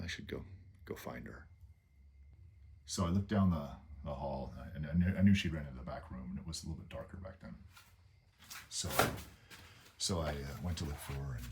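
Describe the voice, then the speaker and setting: Very deep husky man telling a story. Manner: rambling, halting anecdote with fillers. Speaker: vlogger. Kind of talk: casual storytelling. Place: small low-ceilinged home.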